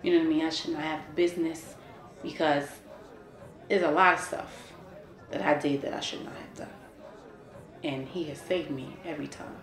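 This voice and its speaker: Low-voiced woman telling her story. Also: steady tone, moderate pace, long pauses, roomy sound. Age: 40s. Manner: candid, earnest, many fillers like "you know" and "like". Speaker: interviewee sharing a personal testimony. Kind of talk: emotional personal storytelling.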